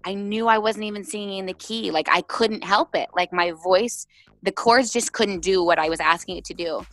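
A woman's voice: mid-range voice, moderate pace, fairly bright tone, no echo. A young woman, a singer-songwriter, talks casually over a video call and tells stories with laughs and quoted voices.

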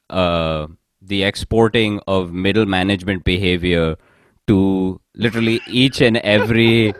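A man's voice: on the low side, dry recording, studio quality. A man telling rambling comic anecdotes on a podcast, laughing as he goes. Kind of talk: casual comedic storytelling.

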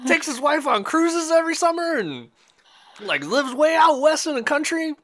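Man doing a squealing, excited foreman. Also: creaky, husky, full character voice. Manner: high-pitched, excited, rapid questions. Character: excited middle-aged man, jobsite foreman.

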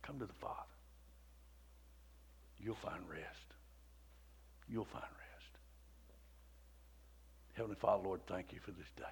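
A male pastor preaching a sermon in a repetitive cadence, rising to shouts and dropping to near-whispers. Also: low-pitched, normal speed, vocal fry, pauses often, a little hiss or hum.

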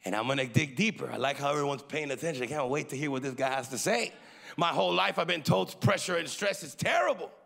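A male pastor preaching a sermon, calling for amens from the congregation and moving between loud emphasis and quiet asides. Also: a little high, fast talker, creaky. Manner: preaching with call-and-response to the congregation.

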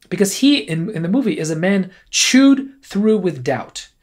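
An opinionated podcast host delivering a solo monologue. The talk is animated and ranting. Self-deprecating asides break up the argument. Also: mid-range voice.

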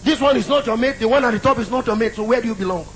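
A man's voice: very high-pitched, racing, a bit bright, slight background noise, low-quality recording. A middle-aged man preaching a sermon, emphatic and repetitive, calling out to the congregation.

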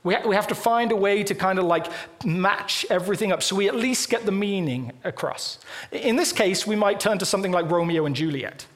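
Guy preaching in church, high voice, chatty and lively, does little voices for quotes. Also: fairly quick. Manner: conversational and animated, acting out quoted voices. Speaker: pastor. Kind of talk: sermon. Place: church auditorium.

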